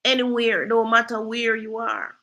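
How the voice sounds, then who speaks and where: Woman host, bright tone, chatty storyteller with patois. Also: on the high side, normal speed, low-quality recording. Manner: lively storyteller, drifts into patois. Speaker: real estate agent and host. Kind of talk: casual storytelling chat.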